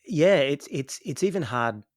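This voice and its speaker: A man's voice: a little high, expressive, unhurried, dry recording, clean studio sound. Enthusiastic middle-aged Australian man. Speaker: podcast guest. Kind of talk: casual conversation.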